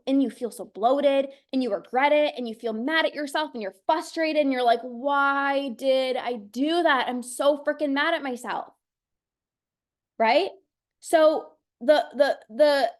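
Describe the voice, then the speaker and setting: A young woman coaching live on binge eating, talking with energy and acting out inner voices. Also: sits high. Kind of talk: motivational live-stream talk.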